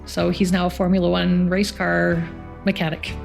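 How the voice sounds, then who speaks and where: A woman's voice: on the low side, completely flat delivery, normal speed, gravelly, faint music behind. A middle-aged woman with a Canadian accent, a youth community centre coordinator telling stories and acting out the voices of the people in them. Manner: warm anecdotal storytelling, acts out quoted voices. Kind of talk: storytelling interview.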